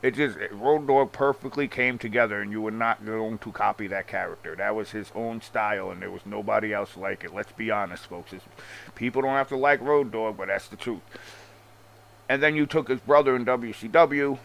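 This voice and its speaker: A man's voice: fairly low pitch, normal speed, creaky, a bit bright, low-quality recording. Sarcastic, profane male podcast ranter. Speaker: podcast host. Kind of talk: casual rant about wrestling.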